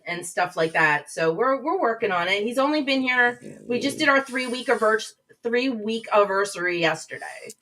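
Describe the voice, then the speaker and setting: A woman's voice: mid-range voice, fairly bright tone, recorded from a distance, low-quality recording. A woman hosting a live stream, chatting casually and reading viewer comments aloud. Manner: chatty, reads chat comments aloud, rambling restarts. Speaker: livestream host. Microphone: webcam mic, a little back from screen.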